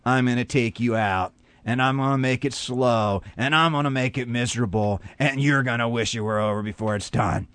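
A man's voice: medium pitch, moderate pace, fairly bright tone, dry recording, lightly acted. A man voicing a mean, menacing old male wolf in a spoken story, gloating and threatening.

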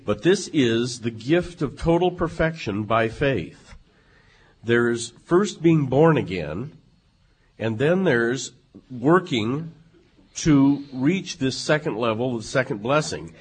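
A man speaking in an emphatic, professorial way as a guest on a theology talk show, slowing down to stress points. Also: medium pitch, lively intonation, slightly rough. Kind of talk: lecture-like conversation.

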